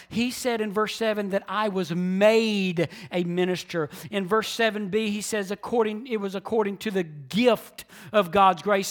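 A man preaching a sermon as pastor, swinging from hushed, near-whispered lines to loud emphatic declarations and repeating key phrases. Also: sits high.

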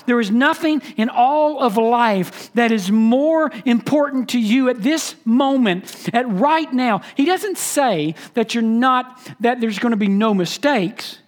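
A pastor preaching an expository sermon, emphatic and teaching, repeating key phrases and asking the listeners questions. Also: medium pitch.

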